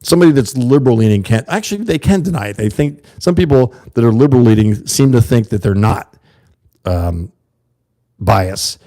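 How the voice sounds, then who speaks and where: A man's voice: mid-range voice, expressive, normal speed, dark tone. A man from the USA hosting a livestream, talking earnestly and rambling to his chat viewers in a casual monologue. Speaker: livestream host.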